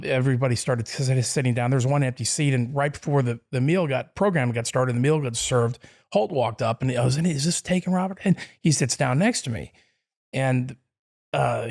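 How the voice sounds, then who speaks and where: A man's voice: mid-range voice, vocal fry, darkish tone. A middle-aged man, telling a long personal story in an interview, rambling with many restarts and fillers. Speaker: podcast guest. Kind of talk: casual storytelling.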